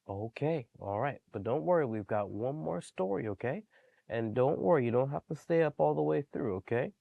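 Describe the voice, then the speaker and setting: A man working as a library storyteller, reading bedtime stories to young children in a gentle, animated way. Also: mid-range voice, moderate pace, creaky, no room sound, phone-quality sound.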